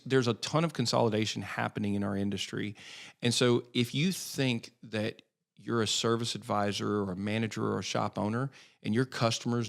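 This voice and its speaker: A business development head in his thirties speaks energetically as a guest in a podcast interview. His voice is lowish and creaky.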